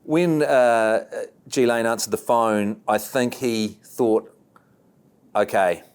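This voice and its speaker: A man, recalling events in a documentary interview with a measured, wry delivery. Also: medium pitch, darkish tone, clear, resonant tone.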